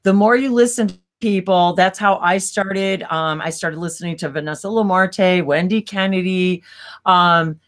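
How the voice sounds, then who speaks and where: Rambling woman chatting on a live stream. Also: fairly low pitch. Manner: rambling, self-interrupting, quick laughs. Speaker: co-host of a live spiritual stream. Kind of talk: casual live-stream chat.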